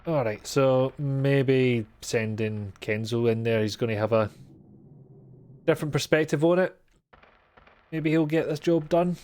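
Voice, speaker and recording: A man's voice: on the high side, a little mellow. A man streaming a video game live, commenting in a sweary, exasperated and sarcastic way.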